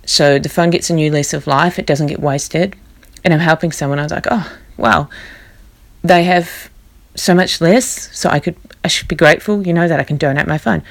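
Low-voiced tired woman vlogging. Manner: candid, reflective, rambling. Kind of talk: personal spiritual vlog.

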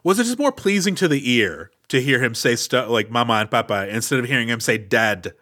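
A man's voice: mid-range voice, lively intonation, a little fast, sharp tone. A man co-hosting a podcast, chatting casually about an action movie with rambling restarts. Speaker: podcast co-host. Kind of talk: casual movie recap chat.

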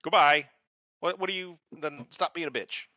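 A man's voice: fairly high pitch, normal speed, pushed and bright, no echo, dull audio. A man co-hosting a podcast, ranting in a casual and profane way about a TV episode. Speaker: podcast co-host. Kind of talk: casual TV recap chat.

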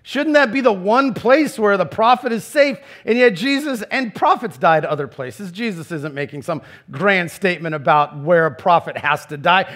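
A man's voice: high-pitched, lively intonation, normal speed, hardly any pauses, fairly bright tone. A middle-aged man preaching a sermon in an earnest way, rising into emphatic questions. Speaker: pastor.

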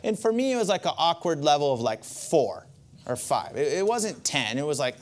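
A man's voice: on the high side, very animated, moderate pace. A man preaching a sermon, telling a personal story in a conversational way with asides to the listeners. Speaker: pastor.

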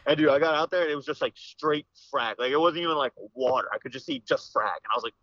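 Fast-talking young man with a dull, dry sound. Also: a little high, bright, forceful tone, no room sound. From Pennsylvania. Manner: rambling, full of "dude" and "like" fillers. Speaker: podcast guest, hunter. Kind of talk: casual storytelling. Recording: slightly dull, lo-fi podcast audio.

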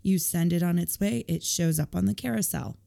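Croaky woman getting over a cold. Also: lowish voice, a little fast, dark tone. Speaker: podcast co-host. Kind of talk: casual chat.

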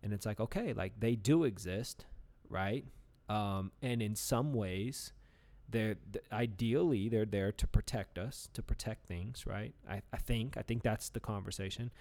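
A man's voice: on the low side, measured pace, darkish tone. A man in casual podcast talk, rambling with lots of restarts and fillers. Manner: burps mid-talk. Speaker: podcast co-host. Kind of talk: casual chat.

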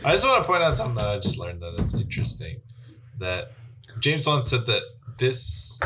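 A man's voice: medium pitch, very animated, normal speed, background noise. A man reviewing films on a podcast, thinking aloud in a musing way with many fillers. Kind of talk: casual chat.

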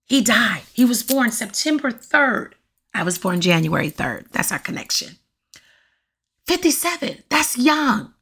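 Raspy middle-aged woman podcaster. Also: on the high side. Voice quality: raspy at times. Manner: animated, preachy, keeps calling out to listeners. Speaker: podcast host. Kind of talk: casual solo podcast monologue. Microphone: USB condenser mic.

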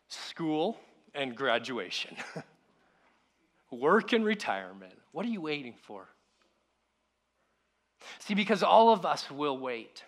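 A man, a pastor, preaching a sermon in an earnest way, repeating his words and dropping to a hushed voice on key lines. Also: medium pitch.

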